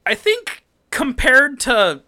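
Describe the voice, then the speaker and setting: A man's voice: very high-pitched, wildly swooping pitch, takes it slowly, pushed and bright. A man co-hosting a casual movie-review podcast, sarcastic and swearing freely as he recaps scenes. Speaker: podcast co-host.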